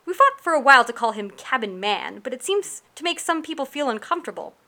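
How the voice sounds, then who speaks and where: A woman narrates a first-person storybook adventure with lively, wry delivery. Her voice sits a little high and sounds bright and crisp-edged. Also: fast. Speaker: audiobook narrator.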